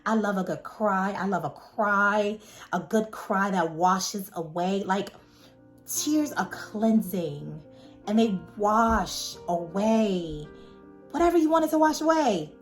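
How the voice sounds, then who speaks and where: A woman vlogger in a casual, heartfelt monologue, animated and emphatic, who repeats words for emphasis. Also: medium pitch, slow, faint music behind. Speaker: vlogger reviewing a web series.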